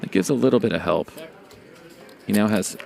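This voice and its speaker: A man giving brisk play-by-play commentary on a poker game. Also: lowish voice, creaky, darkish tone. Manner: brisk, explanatory.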